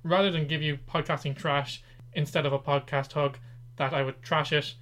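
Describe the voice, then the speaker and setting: A man with an Irish accent co-hosting a chatty podcast, reading show plugs in an even, announcer-like way. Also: fairly high pitch, normal speed. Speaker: podcast co-host. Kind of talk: casual chat with show plugs.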